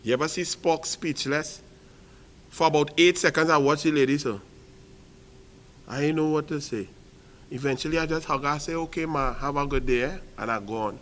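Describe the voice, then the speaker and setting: A man's voice: on the high side, moderate pace, long pauses, a bit bright. A man with a Trinidadian accent giving impassioned political commentary, rhetorical and repetitive, driving each phrase home. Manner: fiery, rhetorical, repeats phrases with punch.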